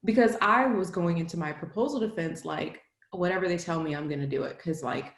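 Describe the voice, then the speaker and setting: A woman speaking as a podcast guest in casual interview chat, lively and chatty, laughing often and filling her speech with "like". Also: fairly low pitch, brisk. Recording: roomy echo.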